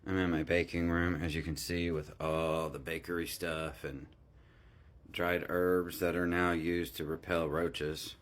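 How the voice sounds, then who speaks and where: A man's voice: low-pitched, little pitch movement, a little slow. A man casually chatting through a home baking vlog, rambling with little asides. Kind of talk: casual chat. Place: home baking room, indoors. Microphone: phone, sometimes earbuds.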